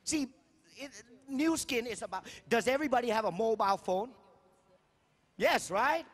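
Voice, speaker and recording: High-voiced man giving an emphatic stage speech. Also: animated, moderate pace, long pauses, fairly bright tone. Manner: emphatic, repetitive, rhetorical questions to the crowd. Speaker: speaker at a sales convention. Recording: long hall reverb.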